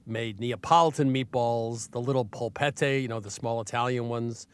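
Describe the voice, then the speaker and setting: A man's voice: mid-range voice, normal speed, smooth, no echo. A man hosting a radio show, chatting casually and in a joking way, with stammered restarts. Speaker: radio host. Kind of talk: radio interview.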